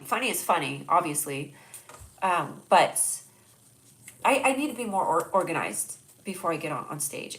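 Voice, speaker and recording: Hosting a casual livestream, a young adult woman with a stuffy nose rambles and pokes fun at herself while reading viewers' jokes aloud. Her voice is lowish and a bit bright, and the recording quality is low.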